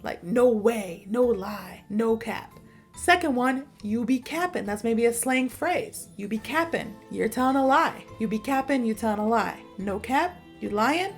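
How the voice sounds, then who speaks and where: A woman English teacher telling a chatty, lively story to explain slang, acting out the quoted lines. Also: on the high side, normal speed, gravelly, hardly any pauses, soft background music. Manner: chatty, animated, acts out quotes. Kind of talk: casual storytelling lesson.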